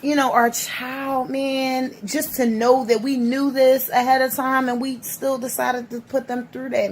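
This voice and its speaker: A woman's voice: a little high, fairly even intonation, normal speed, slight background noise. A woman in her thirties speaking in a casual personal vlog, teary and rambling, with many restarts. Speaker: vlogger.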